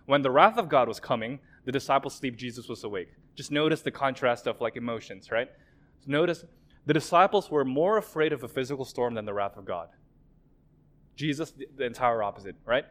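A man's voice: mid-range voice, a little fast, a bit bright. Conversational male preacher. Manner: conversational, acts out quoted prayers. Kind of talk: sermon.

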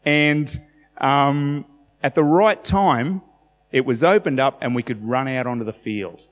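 A man's voice: medium pitch, a little slow, soft background music. Male pastor, 40s, Australian accent, conversational sermon delivery, recorded in a reverberant hall. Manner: conversational, asks the congregation questions.

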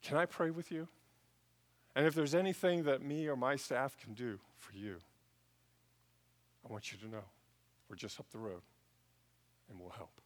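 A middle-aged man preaching a sermon, telling stories and swinging between hushed asides and loud emphasis. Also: medium pitch, normal speed, pauses often, long reverb tail. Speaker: pastor.

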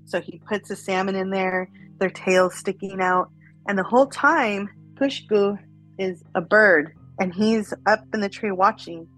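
A woman's voice: medium pitch, measured pace, faint music behind, rough recording. Chatty woman telling a folk tale. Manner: animated, chatty, many fillers. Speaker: storyteller. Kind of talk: casual oral storytelling.

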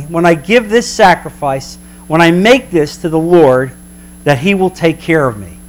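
A man preaching a sermon as a pastor, emphatic, slowing down for dramatic weight. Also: fairly high pitch.

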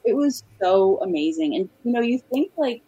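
A woman's voice: a little high, lively intonation, normal speed, dark tone, slightly rough. A young adult woman, a guest author, chatting casually in an interview and telling stories with lots of ums and restarts.

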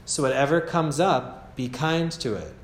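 A man with an American accent giving a gentle, casual meditation teaching at a retreat, often checking in with "yeah?". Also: fairly high pitch, lively intonation, a little slow, a little hiss or hum. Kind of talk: relaxed meditation talk. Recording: echoey room, faint ambience.

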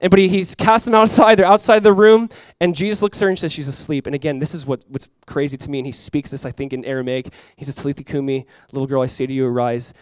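A young man preaching a sermon as a pastor, conversational and animated, acting out quotes and laughing often. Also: fairly high pitch, fast, hardly any pauses, clear, resonant tone, dry recording.

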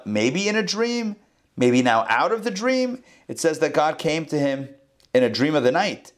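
Lively man teaching a text-study lesson. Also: a little high. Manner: animated, conversational, dramatizes the text.

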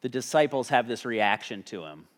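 Lively conversational male pastor preaching. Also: mid-range voice, normal speed. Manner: conversational, asks the congregation questions. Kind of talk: sermon.

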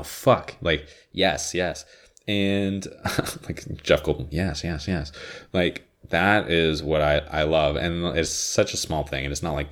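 A man hosting his own show, rambling casually with lots of fillers and swearing, sounding exhausted and sniffly. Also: low-pitched. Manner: rambling, heavy with "like", frequent swearing. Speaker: solo show host.

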